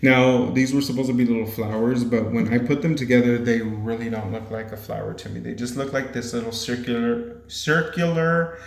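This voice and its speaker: A man's voice: medium pitch, level tone, brisk, vocal fry, hardly any pauses. A man hosting a casual craft tutorial voice-over, playful and chatty, laughing often. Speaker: crafting channel host. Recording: echoey room.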